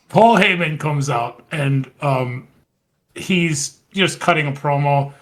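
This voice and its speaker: A man co-hosting a podcast, chatting casually and retelling scenes at a rambling pace with quoted lines. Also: on the high side. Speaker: podcast co-host. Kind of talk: casual wrestling recap chat.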